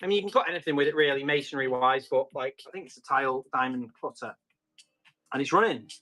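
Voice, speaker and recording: A man's voice: mid-range voice, fast talker, bright, forceful tone. A man hosting a live tool auction, chatting and laughing between items. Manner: chatty, laughs often, tries out accents. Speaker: auction host.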